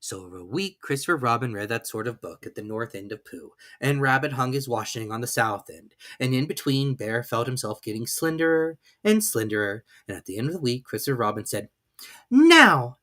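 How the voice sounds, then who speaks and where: A narrator giving a calm, expressive storybook reading. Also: medium pitch, fairly quick, few pauses.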